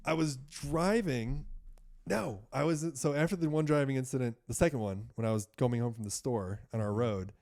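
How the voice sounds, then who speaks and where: A US man in his thirties with a creaky, mid-range voice speaks at normal speed as a podcast guest. Casually telling a story, he gets animated, swears, and acts out doctors in quoted voices.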